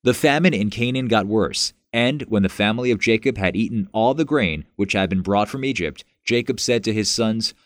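A man narrating a Bible story in a measured, plain reading. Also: lowish voice, no echo, clean studio sound.

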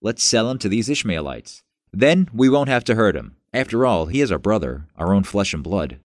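A man's voice: fairly low pitch, very animated, normal speed, no echo, clean studio sound. A man reading the part of an earnest younger man who reasons with his family, in a Bible story reading.

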